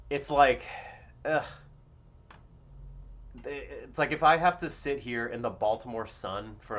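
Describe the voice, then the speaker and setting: A young man streaming live, giving casual, blunt and profane commentary that swings between loud outbursts and low mutters. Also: lo-fi sound.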